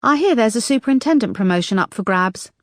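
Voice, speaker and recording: A woman's voice: on the high side, lively intonation, fast talker, dry recording, clean studio sound, pitched above the performer's own voice, lightly acted. A woman narrator voicing a blunt, wisecracking female detective who talks frankly and teases her boss. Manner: frank, teasing.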